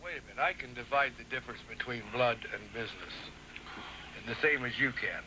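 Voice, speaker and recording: Stammering, placating wrestling promoter. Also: male voice, medium pitch, fairly quick, background noise. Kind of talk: staged wrestling promo confrontation.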